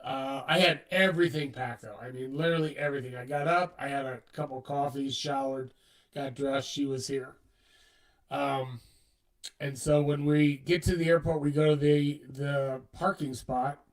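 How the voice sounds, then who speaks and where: A man's voice: mid-range voice, fairly even intonation, normal speed, recorded from a distance, low-quality recording. A man co-hosting a show, telling a long story in casual chat and acting out what people said. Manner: rambling, retells dialogue. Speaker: co-host.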